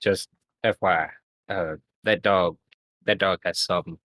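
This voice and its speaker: A man's voice: deep voice, steady tone, measured pace, a bit bright, no room sound. A man playing a tabletop fantasy game over a voice call, joking around in character. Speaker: player. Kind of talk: casual tabletop game play.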